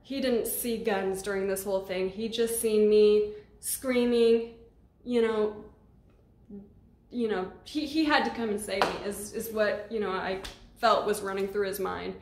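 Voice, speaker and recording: A woman's voice: medium pitch, unhurried, a little hiss or hum. Roomy-sounding woman, blunt and swearing. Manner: blunt, swears freely, animated retelling. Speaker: vlogger. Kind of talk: casual storytime.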